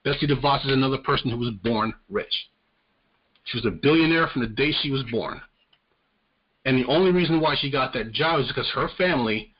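A man hosting a podcast, giving casual political commentary in a heated, profane ranting manner. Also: medium pitch. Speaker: podcast host. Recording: slightly muffled lo-fi audio.

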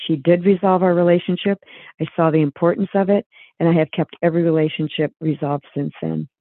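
An earnest woman speaks over a thin, phone-like line with a dry, close sound. She tells a personal story as a guest author, reflective and halting, restarting her sentences often. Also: on the low side, steady tone, dry recording.

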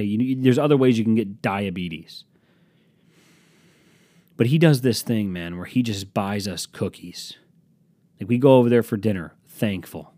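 Rambling, self-mocking man with a low voice. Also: dark tone, dry recording. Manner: rambling, self-deprecating, profane, jokey. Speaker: podcast host. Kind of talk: solo podcast monologue.

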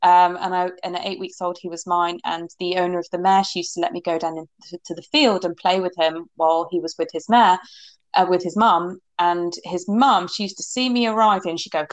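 A middle-aged woman from England, a horsemanship coach, telling her stories in an animated, rambling way as a guest in an interview, laughing often. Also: lowish voice, brisk, no echo. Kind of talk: casual interview storytelling.

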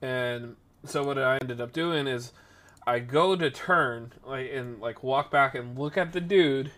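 Unhurried and medium in pitch, a man spins a rambling story about work, animatedly voicing the people in it in a casual way.

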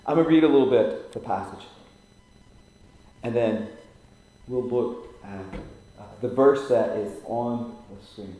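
A male pastor preaching a sermon, swelling loud for emphasis and dropping to near-whispers. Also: mid-range voice, a little slow, pauses often. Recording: very echoey room.

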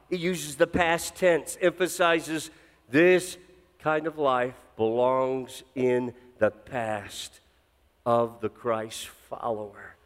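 A middle-aged man preaching a sermon as pastor, swinging from loud emphatic lines to low, intense drops. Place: church sanctuary. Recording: long reverb of a church hall.

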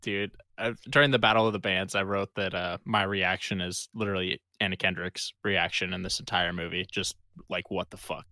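Low-voiced young man, giggly and hesitant. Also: little pitch movement, fairly quick, hardly any pauses, pushed and bright, no echo. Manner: hesitant, giggly, stumbling starts. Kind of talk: casual movie discussion.

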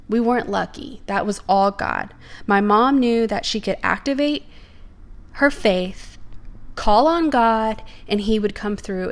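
A woman's voice: mid-range voice, a little slow. Earnest young woman. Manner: earnest, storytelling, emphatic. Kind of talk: personal faith testimony.

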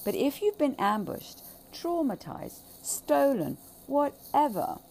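A woman giving an impassioned, emphatic monologue, swearing freely, repeating phrases and swinging between loud bursts and hushed asides. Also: high voice, very animated, slow, gravelly, slight background noise. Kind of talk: impassioned monologue on childhood trauma.

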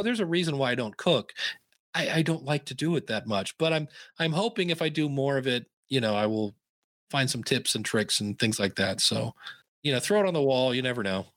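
A man's voice: mid-range voice, fairly bright tone, no echo. A middle-aged man, a podcaster being interviewed, telling stories in a rambling, self-deprecating way with many restarts. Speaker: podcaster guest. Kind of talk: casual interview storytelling.

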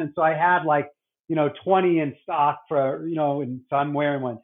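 Rambling doctor on a tinny line. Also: male voice, on the high side, steady tone, normal speed. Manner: rambling, many restarts and fillers. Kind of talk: casual podcast chat.

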